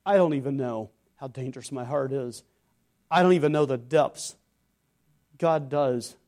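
A man preaching a sermon, moving between loud exhortation and hushed earnest tones, acting out imagined questioners and their replies. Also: medium pitch, unhurried.

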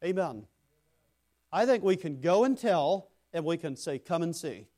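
A man preaching a sermon to a congregation. He builds to loud emphatic phrases, then drops into quiet, low asides, and addresses listeners by name. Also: expressive, measured pace. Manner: speaks to congregation members by name. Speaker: pastor.

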